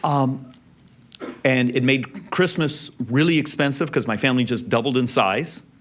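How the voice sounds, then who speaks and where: A middle-aged man giving a speech, telling a personal family story in an anecdotal way and dropping quiet and soft in the emotional parts. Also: mid-range voice, measured pace, a little hiss or hum. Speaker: speaker. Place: event venue.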